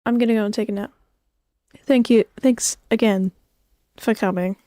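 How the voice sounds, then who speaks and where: A woman's voice: mid-range voice, fairly even intonation, moderate pace, dark tone, no echo, studio quality. A woman streamer chatting casually while sleepy and yawning, rambling and self-deprecating, often trailing off.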